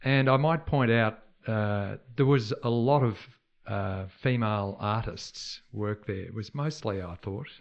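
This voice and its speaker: Easygoing radio host. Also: male voice, fairly low pitch, measured pace, gravelly, hardly any pauses. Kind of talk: casual radio chat. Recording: slightly muffled radio audio.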